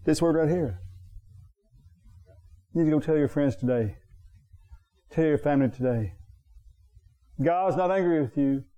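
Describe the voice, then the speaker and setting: A man preaching a sermon to his congregation, repeating phrases for emphasis and jumping up in pitch on his key points. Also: unhurried, long pauses, dark tone, highs cut off. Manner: talks straight to the congregation. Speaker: pastor.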